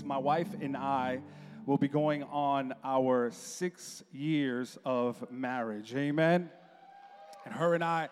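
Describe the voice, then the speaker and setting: High-voiced preacher in a reverberant hall. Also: male voice. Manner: animated, jokey storytelling with acted quotes. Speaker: pastor. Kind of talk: sermon with a comic story. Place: church hall. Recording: long reverb in a large hall.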